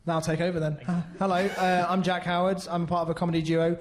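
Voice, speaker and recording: A man's voice: high voice, level tone, fast talker, a little hiss or hum. A young man, a guest on a radio panel, joking and poking fun at himself. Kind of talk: casual chat.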